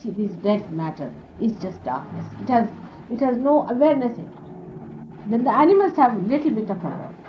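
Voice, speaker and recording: Woman spiritual teacher with a lively, rising-and-falling voice, speaking conversationally to a gathering of followers. The 1970s archive tape sounds dull and lo-fi, with a faint steady hiss behind her. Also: a little high, a little fast. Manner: conversational, explanatory, sprinkled with "you see". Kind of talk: informal spiritual talk to followers. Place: indoor gathering.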